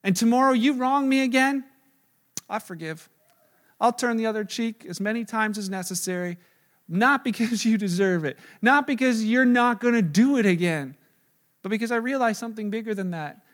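A man preaching a sermon in a relaxed, conversational way. He retells scripture scenes and acts them out. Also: high voice, fairly quick. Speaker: pastor.

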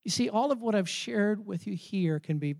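A man's voice: high voice, lively intonation, moderate pace, creaky, darkish tone. A man preaching a sermon in a conversational way, often repeating words as he thinks aloud. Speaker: pastor.

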